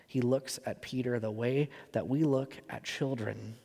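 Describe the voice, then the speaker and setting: A man in his thirties preaches a sermon in an earnest, conversational way, often pausing on fillers. His voice has a gravelly edge at a middle pitch. The sound carries the long reverb of a large hall. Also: steady tone, dark tone. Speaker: pastor.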